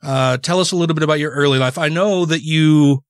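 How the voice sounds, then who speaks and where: A man's voice: on the high side, brisk, no room sound. A man co-hosting a podcast from a studio, eagerly asking a guest questions in a casual, chatty way. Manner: eager, chatty, restarts sentences. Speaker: podcast co-host.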